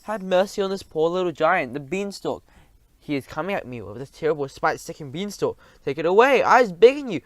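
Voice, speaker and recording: A man's voice: mid-range voice, huge pitch swings, brisk, bright, forceful tone, no room sound, exaggerated voice. A man voicing a monstrous man-eating storybook giant, screaming, begging, broken grammar, dry recording. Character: huge brutish man-eating giant, terrified.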